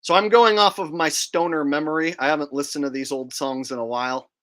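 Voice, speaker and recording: A man's voice: on the high side, steady tone, a little fast, fairly bright tone. Casual streamer: a man who jokes around and rambles through viewer comments. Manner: joking, rambling, reads out chat comments. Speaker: livestream host. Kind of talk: casual livestream chat.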